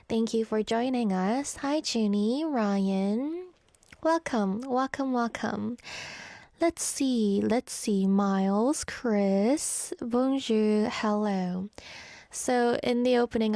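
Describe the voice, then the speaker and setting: A woman's voice: on the high side, darkish tone, dry recording. A woman radio DJ chatting live and reading listener comments aloud from a studio. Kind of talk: live radio show chat.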